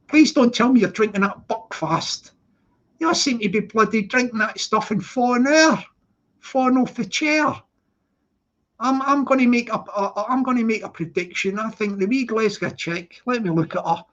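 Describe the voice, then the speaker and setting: A man's voice: high voice, moderate pace, a bit bright. A man hosting a casual livestream, chatting to viewers in the chat and teasing them, calling them darling. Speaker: livestream host. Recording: dull lo-fi stream audio.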